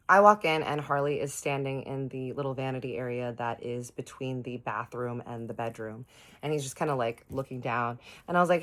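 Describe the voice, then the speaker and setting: Low-voiced woman telling a story. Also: brisk, a bit bright. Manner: chatty, addresses viewers directly. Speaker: storytime host. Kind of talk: storytime vlog.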